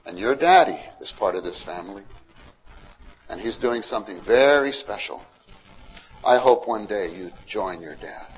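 Man voicing gentle old grandfather Methuselah. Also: fairly low pitch, lively intonation, moderate pace, breathy edge, voice pushed down, low-quality recording. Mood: tender.

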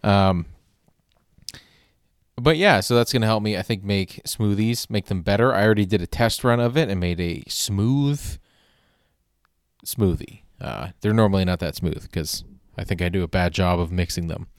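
A man's voice: low voice, normal speed, no room sound, clean studio sound. A man hosting a solo podcast, talking casually in a rambling, wry, self-deprecating way, with frequent restarts and casual swearing. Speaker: podcast host.

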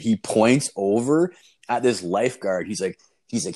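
A man's voice: medium pitch, fast talker, a little mellow. A man casually telling a long story, rambling and swearing, often laughing as he goes. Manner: rambling, profane, laughing as he tells it.

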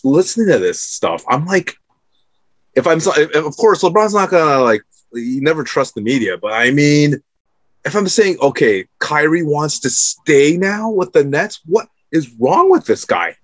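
A man co-hosting a casual sports podcast, giving jokey and animated opinions. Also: a little high, moderate pace, dry recording. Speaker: podcast co-host.

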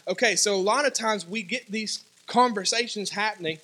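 A man preaching a sermon as pastor, telling personal stories in an animated way and acting out the dialogue. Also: sits high, normal speed. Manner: animated storytelling, acts out dialogue, sudden loud shouts.

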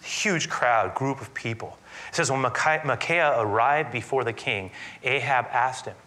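A man preaching a sermon, retelling scripture in an animated, dramatic storytelling manner. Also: medium pitch, normal speed.

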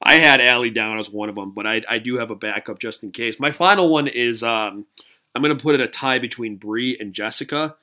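A man co-hosting a podcast in casual chat, animated and quick to imitate other people in high voices. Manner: animated, jumps into high mimicking voices when quoting. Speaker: podcast co-host.

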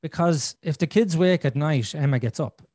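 A man's voice: a little high, moderate pace, mellow, husky, no echo, clean studio sound. A man in his thirties hosting a podcast, telling a frank, rambling personal story and swearing freely. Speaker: podcast host. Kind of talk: candid conversational storytelling.

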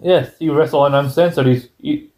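A man co-hosting a podcast, rambling through wrestling history in casual chat with quick asides and casual swearing. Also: on the high side, fairly even intonation, dark tone. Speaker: podcast co-host.

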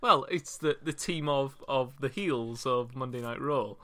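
A young British man co-hosting a casual wrestling podcast, laid-back and quick to laugh. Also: medium pitch, bright, forceful tone. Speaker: podcast co-host. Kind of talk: casual wrestling review chat.

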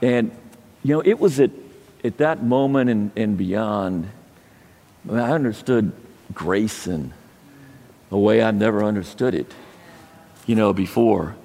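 A man preaching a sermon, telling a personal story in a halting way with frequent restarts. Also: fairly low pitch, gravelly, mellow. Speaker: pastor. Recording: long hall reverb.

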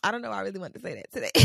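Woman, podcast co-host, hoarse, raspy, gravelly, playful, lively pitch. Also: dry recording, studio quality. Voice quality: raspy, husky. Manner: playful, animated, addresses listeners as y'all. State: hoarse, throat feels off. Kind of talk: casual podcast chat.

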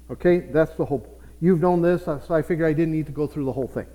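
A man's voice: fairly high pitch, fast talker, mellow. A man preaching a sermon as pastor, earnest, often repeating himself and acting out what believers say. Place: church sanctuary. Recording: long echo of a church hall.

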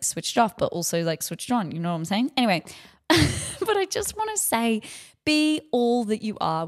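Young adult woman, podcast host, energetic, loud, animated, mid-range voice. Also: mid-range voice. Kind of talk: solo motivational podcast talk.

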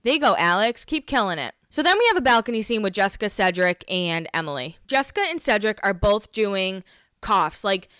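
A young woman hosting a casual recap at home, gossipy and jumping between topics, acting out quotes in a higher voice. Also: very animated, a little fast, a bit bright, clear, resonant tone, no room sound, clean studio sound. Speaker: podcast host recapping a reality show. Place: home, alone.

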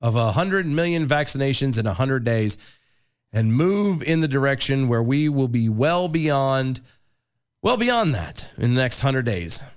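A man's voice: medium pitch, very animated, unhurried, clean tone. A man co-hosting a casual political podcast, talking in a sarcastic way and reading quotes aloud with mock gravity. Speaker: podcast co-host.

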